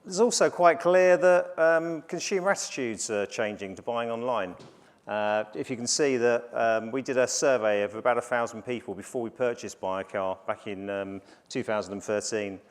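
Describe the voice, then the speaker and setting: A man's voice: medium pitch, moderate pace, clean tone. A middle-aged man from the UK giving a business conference presentation, conversational with many fillers and restarts. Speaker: conference speaker. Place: conference stage.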